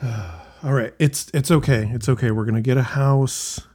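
A man's voice: mid-range voice, steady tone, moderate pace, darkish tone, breathy edge. A man co-hosting a casual chat, making short dry remarks. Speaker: podcast co-host.

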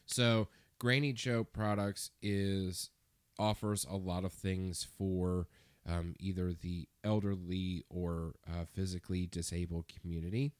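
A man's voice: low-pitched, little pitch movement, unhurried, clean tone, no room sound. A man co-hosting a history podcast in casual chat, laid-back and chuckling as he hunts for words. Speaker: podcast co-host.

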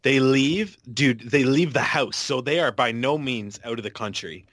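A man's voice: mid-range voice, normal speed, fairly bright tone, no echo. Brash young man bantering. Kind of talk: casual chat.

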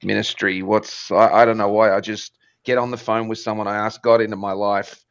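A man's voice: fairly low pitch, level tone, brisk, no echo, dull audio. Rambling, self-deprecating man, dry sound. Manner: rambling, self-deprecating, acts out voices in quotes. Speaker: podcast guest, former musician. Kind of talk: casual conversational storytelling.

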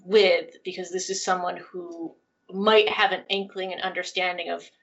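A woman co-hosting a casual podcast, talking through a film in thoughtful, animated analysis. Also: lowish voice, normal speed, vocal fry. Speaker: podcast co-host. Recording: dull lo-fi audio.

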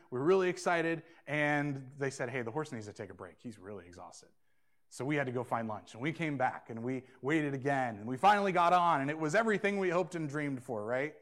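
A man's voice: a little high, moderate pace. Earnest male pastor preaching. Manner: earnest, swings between hushed and emphatic. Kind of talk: sermon.

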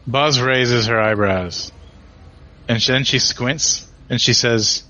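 A man's voice: medium pitch, slow, bright, forceful tone. A man playing a tabletop game, casually narrating what his character does, with many fillers. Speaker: player. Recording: dull lo-fi podcast audio.

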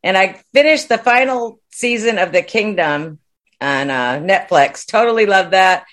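A woman's voice: mid-range voice, expressive, a little slow, a bit bright. A woman chatting casually on a podcast, talking loosely about what she has been watching. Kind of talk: casual chat.

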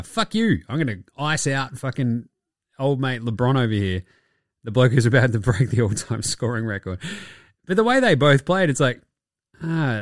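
A man's voice: mid-range voice, no echo, studio quality. A young Australian man hosting a casual sports podcast, blunt and laid-back, swearing freely. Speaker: podcast host.

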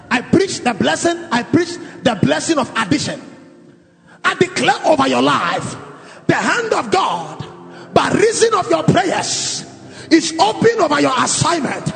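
Pastor, male, very high and lively voice, slow gravelly preaching over faint music. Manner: preaching with declarations and shouted emphasis. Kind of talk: sermon. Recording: long reverb, faint music.

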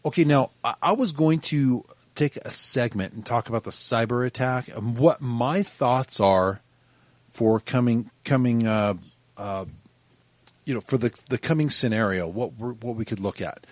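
A man's voice: mid-range voice, no echo. Male podcast co-host, conversational and restless, restarts a lot, dry close mic. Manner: talks in bursts, restarts often, animated when mimicking others.

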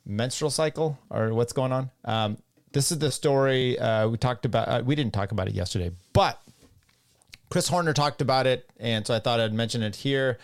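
A man's voice: medium pitch, moderate pace. A middle-aged man hosting a cycling podcast, rambling bluntly in casual solo commentary and reading listener comments aloud.

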